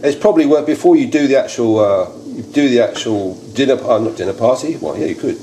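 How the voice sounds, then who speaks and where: A man's voice: mid-range voice, animated, quick pace, warm tone. A British man hosting a casual cooking demonstration in a home kitchen, rambling and chatty with many restarts. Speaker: cooking video host. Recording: echoey kitchen, faint noise.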